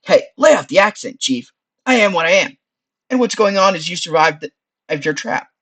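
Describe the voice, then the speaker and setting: A man voicing a brash, chummy floating skull, an ancient male spirit who calls the hero boss, in a lively voice. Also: high voice, normal speed, breathy edge, pitched above the performer's own voice, heavily acted.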